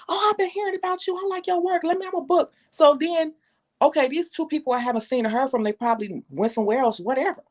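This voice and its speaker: A woman nail technician talking casually and bluntly to her viewers, telling stories with slang and the odd curse. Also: mid-range voice. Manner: candid, blunt, animated storytelling with slang and cursing. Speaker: nail technician and channel host. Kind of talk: casual talk to viewers, reading live comments.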